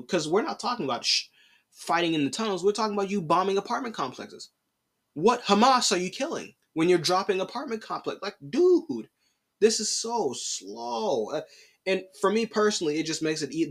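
A young man delivers solo podcast commentary in an exasperated, slangy, casual way, repeating lines for emphasis. His voice sits a little high. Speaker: podcast host.

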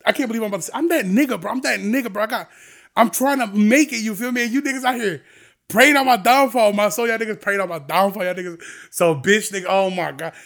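A young man delivers a heated solo podcast rant with a high voice. He curses constantly and swings between low, muttered asides and loud, fired-up outbursts. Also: quick pace. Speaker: podcast host. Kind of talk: ranting podcast monologue.

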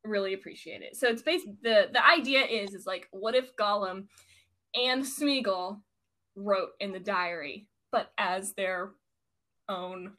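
A woman's voice: medium pitch, a little slow, bright, forceful tone. A young woman co-hosting a casual podcast, rambling and self-deprecating as she explains a word. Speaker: podcast co-host.

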